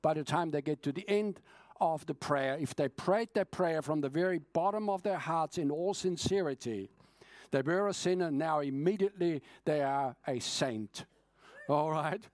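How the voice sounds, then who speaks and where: A man preaching an evening sermon, earnest and urging, speeding up and slowing down to stress his points. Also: on the high side, a little mellow, dry recording, studio quality.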